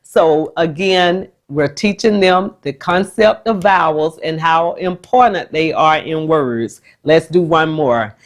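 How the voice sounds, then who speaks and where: A woman who is a special education teacher, explaining a phonics technique to the camera in a patient, measured way. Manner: slow, warm and patient, with lively jumps in pitch when acting out the classroom.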